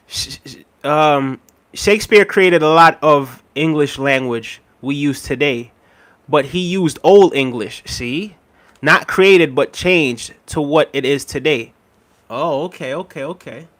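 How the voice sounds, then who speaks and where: A man with a slightly high voice chats casually on his live stream. He reads out viewer messages, laughs often and rambles, repeating his phrases. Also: measured pace, fairly bright tone.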